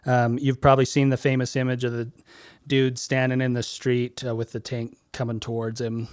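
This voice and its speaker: A young man leads a casual podcast conversation, rambling easily and leaning on "like" and "um". His voice is smooth and clear. The sound is close and dry. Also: medium pitch, level tone, moderate pace, darkish tone, dry recording. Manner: easygoing, heavy use of "like" and "um". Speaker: podcast host.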